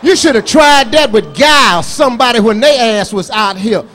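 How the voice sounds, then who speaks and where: Brash high-voiced stand-up comedian man. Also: animated, moderate pace, fairly bright tone, slight background noise. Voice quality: brash, profane, boastful. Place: live comedy show on stage.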